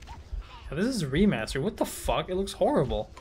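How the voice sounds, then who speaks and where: A man giving let's play commentary on a shooter game, frustrated and swearing, shouting at enemies. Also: sits high, wildly swooping pitch, normal speed, a little hiss or hum. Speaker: gaming YouTuber.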